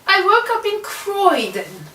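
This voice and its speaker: A woman's voice: extremely high pitch, wildly swooping pitch, slow, bright, forceful tone, far from the mic, full character voice. A woman playing a vain, muddled woman who is convinced she is a French queen, talking in a haughty, rambling, sing-song way in an improvised comedy interview. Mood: boastful. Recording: echoey room, off-mic.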